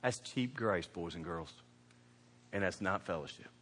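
A man preaching a sermon, telling funny stories with animated shouts and laughter. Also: sits low, a little slow. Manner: animated, shouting bursts, laughing through punchlines. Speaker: pastor. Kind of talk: humorous storytelling sermon. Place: church sanctuary. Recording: reverberant church hall.

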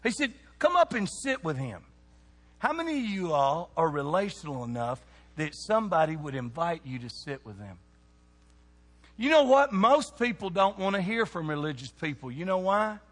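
A man preaching a sermon to young people, animated and throwing questions out to the crowd. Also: high-pitched, normal speed. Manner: animated, asks the audience questions. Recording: long hall reverb.

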